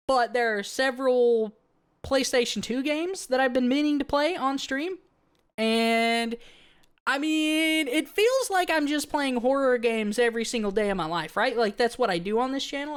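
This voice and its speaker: A woman's voice: fairly high pitch, animated, a little slow, smooth. A woman streamer chatting casually to her live audience, rambling with many fillers and restarts and answering viewer comments. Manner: reads viewer comments aloud and answers them.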